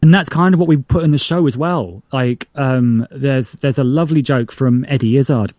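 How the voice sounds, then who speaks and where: A man's voice: mid-range voice, normal speed, darkish tone, no echo. A man from northern England, a podcast showrunner, talking in a casual interview with hesitant, filler-heavy speech. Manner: rambling, hesitant, many fillers and restarts.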